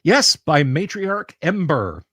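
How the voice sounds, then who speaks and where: A man voicing a hovering spherical robot in a tabletop game, speaking politely and formally in a measured way. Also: on the high side, big pitch swings, fairly bright tone, husky, dry recording, studio quality, voice pushed up, exaggerated voice.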